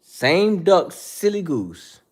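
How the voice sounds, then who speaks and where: A man's voice: high voice, very animated, extremely slow. A man hosting a casual livestream, answering viewer chat in a mocking, profane, confrontational way.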